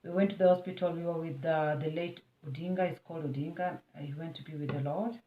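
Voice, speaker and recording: A woman's voice: sits low, fairly even intonation, fast talker. A Kenyan woman recounts a personal story for her vlog, chatty and emphatic as she speaks straight to her viewers. The sound is thin and phone-like, and it rings in a roomy, echoing space. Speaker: vlogger.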